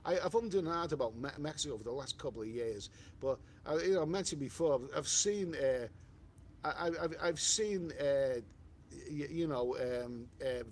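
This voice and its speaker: A man's voice: mid-range voice, moderate pace, a little hiss or hum. Rambling Liverpool man on a live stream. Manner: rambling, frequent restarts and "you know" fillers. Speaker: travel vlogger hosting a live stream. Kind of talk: casual live-stream chat, reading comments aloud.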